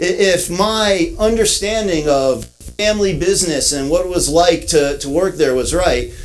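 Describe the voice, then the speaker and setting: A man's voice: fairly high pitch, low-quality recording. A man with a slightly raised voice tells a story at a groundbreaking ceremony. He often restarts and repeats himself as he goes along, keeping it easy for the crowd. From Connecticut, US. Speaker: event speaker. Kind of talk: ceremony speech with anecdotes. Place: outdoor ceremony.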